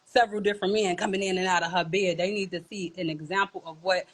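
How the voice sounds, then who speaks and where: A woman's voice: on the low side, steady tone, fast talker. A woman speaking earnestly and plainly, giving her opinion in a casual conversation.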